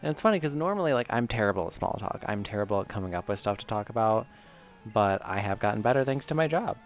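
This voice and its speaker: A man's voice: fairly low pitch, lively intonation, fast talker. A man from Michigan chatting casually while streaming a video game, rambling and self-mocking with lots of fillers. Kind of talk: casual let's-play commentary.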